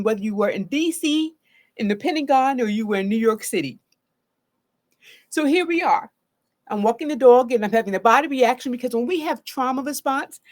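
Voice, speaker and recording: Animated, high-voiced woman therapist. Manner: earnest, animated, often asks "right?". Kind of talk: live solo talk on trauma.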